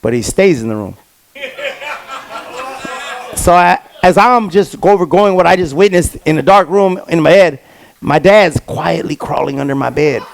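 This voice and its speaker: A man doing a stand-up comedy set on stage, telling stories with lively quoted voices. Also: on the high side, moderate pace, creaky, long pauses, a little hiss or hum. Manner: animated storytelling with quoted voices. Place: comedy stage before a live audience.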